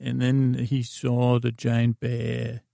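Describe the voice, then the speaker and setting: A man's voice: medium pitch, monotone, takes it slowly, vocal fry, warm tone, no echo, clean studio sound. A man telling a meandering bedtime story with lots of hesitant asides.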